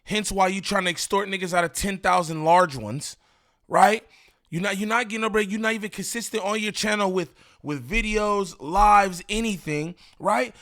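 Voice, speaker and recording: A man hosting a commentary channel, talking in an animated, rambling, slangy way with lots of repeats. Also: high voice, normal speed. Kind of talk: casual reaction commentary.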